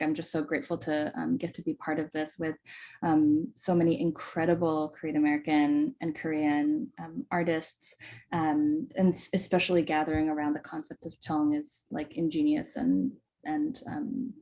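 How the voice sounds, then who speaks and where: Woman poet reading her own verse over a video call, warm and mellow, steady rhythmic delivery. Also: low-pitched. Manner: measured, rhythmic recitation with soft hesitant asides.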